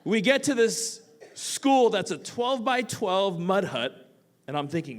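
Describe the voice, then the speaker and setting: A man, a teacher, telling a personal story live on a theatre stage, animated and casual, swinging between loud bursts and quiet asides. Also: sits high, measured pace. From United States. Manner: casual, with frequent "like" fillers.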